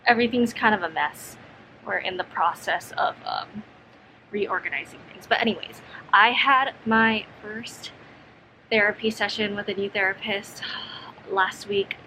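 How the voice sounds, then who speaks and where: Soft, hesitant young woman vlogging at home. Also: mid-range voice, unhurried, slight background noise, poor audio. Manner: soft-spoken, hesitant, many ums and restarts. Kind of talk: casual vlog chat. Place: home, sitting on the floor. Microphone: camera mic.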